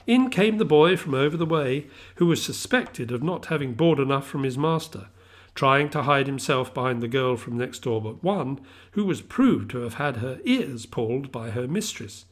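A middle-aged man reads a classic novel aloud in a measured, expressive storytelling voice. His pitch sits in an ordinary middle range, and his phrasing rises and falls with the story. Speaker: reader.

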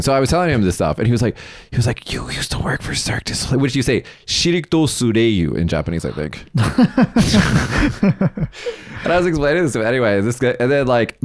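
A man hosting a casual podcast chat, a rambling, animated storyteller who acts out what others said. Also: medium pitch, no echo, studio quality. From United States. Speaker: podcast host, company CEO.

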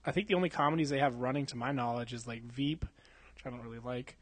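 A man's voice: mid-range voice, fast, no echo. A young man co-hosting a podcast, chatting casually, rambling, laughing often and swearing a lot. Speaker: podcast co-host. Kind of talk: casual chat.

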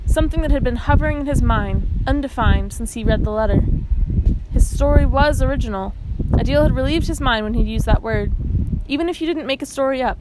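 A woman's voice: a little high, heavy background noise. Woman narrating a children's novel. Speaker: audiobook reader. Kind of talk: scripted narration.

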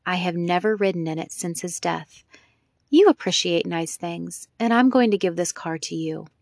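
A woman's voice: on the low side, expressive, moderate pace, gravelly, a little mellow, no room sound. A woman reading the part of a lonely, proud elderly widow, speaking emphatically, in a dry recording. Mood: tender.

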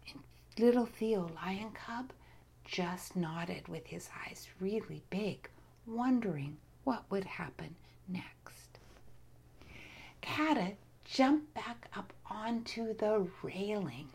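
A woman narrating a children's story, softly and often in a whisper. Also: medium pitch, vocal fry, slightly rough. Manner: soft, often whispered, slow and animated.

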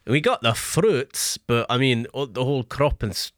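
A man's voice: medium pitch, expressive, a little slow, dry recording, studio quality, close to an everyday voice. A man voicing an old male dwarf farmer who is suspicious and blunt with strangers. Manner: blunt, wary, scolding.

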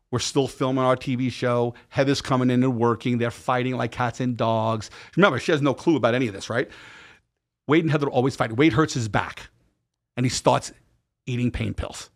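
A man with a gravelly, creaky voice at a middle pitch, telling a story as a podcast guest. He speaks casually and swears freely, acting out the lines of everyone in the story. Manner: profane, animated, acts out quoted dialogue.

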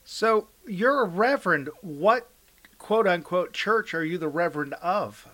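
A man with a somewhat high voice hosts a radio interview. He sounds curious and halting and often restarts his sentences. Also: lively intonation, a bit bright. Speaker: radio host.

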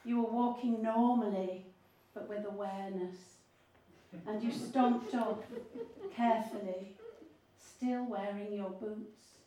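A woman's voice: medium pitch, steady tone, takes it slowly, dark tone, a little hiss or hum. A woman poet reading a conversational, story-like poem. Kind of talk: poetry reading. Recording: very echoey room, from a distance.

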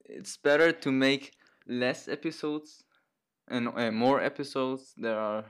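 A young man co-hosting a casual podcast, hesitant and halting as he talks. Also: medium pitch, a bit bright, smooth. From Germany and Chile. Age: young adult. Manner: halting, hesitant, restarts a lot. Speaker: podcast co-host.

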